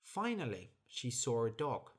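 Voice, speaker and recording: A storyteller reading a children's story slowly and clearly for English learners. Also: medium pitch. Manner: clear, deliberate, expressive.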